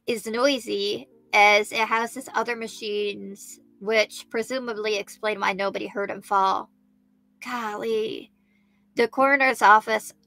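A woman hosting a true crime livestream, reading a news story aloud, thinking out loud and chatting with her viewers by name. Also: mid-range voice, gravelly, no echo. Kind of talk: live-stream chat, reading news aloud.

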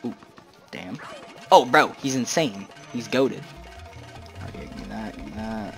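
A young man hosting a casual let's-play, joking, excitable and full of slang as he comments on the game. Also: fairly low pitch, a little slow, gravelly, soft background music. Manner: slangy, joking, excitable, says "bro" a lot. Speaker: gaming channel host.

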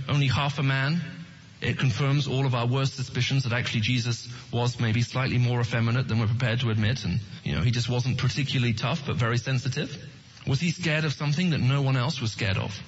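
Husky-voiced man giving an earnest talk. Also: medium pitch, lo-fi sound. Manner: earnest, asks the audience questions. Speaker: Christian apologetics speaker. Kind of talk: evangelistic talk to an audience.

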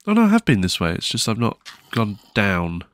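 A man's voice: on the low side, huge pitch swings, brisk. Jumpy man commenting on gameplay. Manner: jumpy, nervous exclamations, self-mocking. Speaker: gaming channel host.

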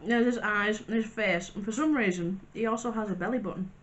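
A woman talks through a pile of snacks in a casual vlog, chatty and wry, dropping dry little asides as she goes. Her voice sits at an ordinary middle pitch, and a faint hiss runs under the recording. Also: fairly quick, muffled recording. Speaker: vlogger.

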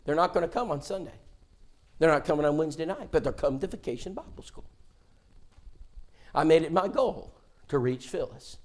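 A male preacher in a church telling a story in a sermon, animated and acting out dialogue, often stammering and restarting his words. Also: on the high side, a little fast, pauses often. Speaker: preacher, guest seminar speaker.

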